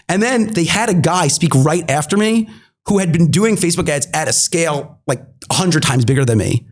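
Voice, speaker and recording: A man telling an animated story as a podcast guest, with lots of fillers. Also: on the high side, brisk. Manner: animated, many fillers, acts out quoted dialogue. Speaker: podcast guest, marketing entrepreneur. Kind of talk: storytelling anecdote.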